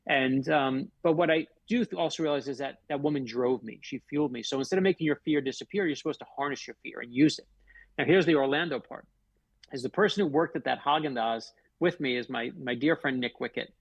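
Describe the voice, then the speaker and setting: A middle-aged man from Florida tells heartfelt stories as a guest on a radio show. His voice is gravelly and husky, and he leans hard on the big lines. The sound is close and dry. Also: mid-range voice, fast, no room sound. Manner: heartfelt, emphatic, builds stories to a punch. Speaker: author guest. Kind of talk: earnest storytelling in a radio interview.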